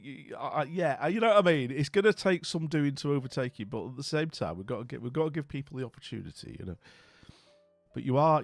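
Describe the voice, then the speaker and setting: Casting: tired, chatty male streamer, animated and fairly high, dry close mic. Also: no echo. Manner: chatty, jokey, rambling with fillers and restarts. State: tired and dopey. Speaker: livestream host. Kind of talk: casual live-stream chat greeting viewers.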